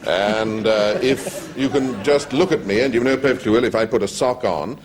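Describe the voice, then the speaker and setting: A man's voice: on the low side, moderate pace, background noise. A middle-aged man, a talk show guest, telling comic anecdotes with the timing of a witty raconteur in a television studio. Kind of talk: anecdotal storytelling.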